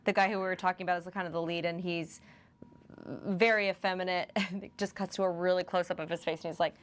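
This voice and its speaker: A woman's voice: fairly low pitch, steady tone, fast. A young woman co-hosting a podcast in casual chat, laughing often and acting out movie quotes. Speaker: podcast co-host.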